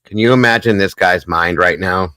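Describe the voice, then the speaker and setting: A man's voice: deep voice, normal speed, pushed and bright, clean tone, no echo. A man hosting a show, reacting to a video while laughing in disbelief. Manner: amused, laughing along in disbelief. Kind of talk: live reaction commentary.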